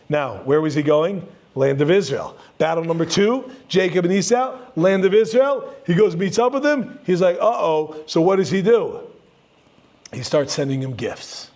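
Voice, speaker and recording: A man teaching a Torah class to a live audience, telling the story with jokes and acting out the characters' lines. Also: on the high side. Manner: animated, jokey, acts out characters' lines. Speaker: rabbi teaching.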